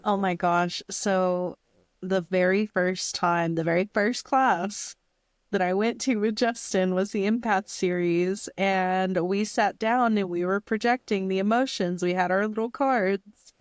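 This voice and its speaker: A woman's voice: medium pitch, steady tone, no room sound. Giggly woman co-host, dry sound. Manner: giggly, breezy, quick to laugh. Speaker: podcast co-host. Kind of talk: casual chat.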